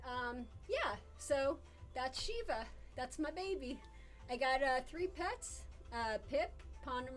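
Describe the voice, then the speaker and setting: A woman hosting a casual live stream, chatting with viewers, reading their comments aloud and answering them, and laughing often as she tells stories. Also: high voice. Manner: laughs often, lively when telling stories. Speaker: live-stream host teaching casino games.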